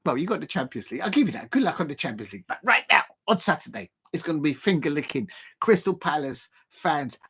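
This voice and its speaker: Excitable man ranting. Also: a little high, fast, creaky, breathy edge. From South London. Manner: excitable, repetitive, keeps repeating phrases; rambling with many fillers. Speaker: livestream host and football fan. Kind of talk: casual watch-along livestream rant.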